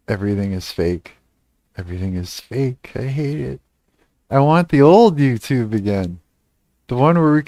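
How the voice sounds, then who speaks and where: A man's voice: mid-range voice, darkish tone, no echo. A man in his thirties from Canada, chatting casually on a livestream, rambling and swearing, trailing off and laughing often.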